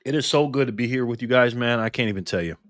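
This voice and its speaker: A man's voice: medium pitch, fast talker, no room sound. Upbeat man greeting his livestream viewers. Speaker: livestream host.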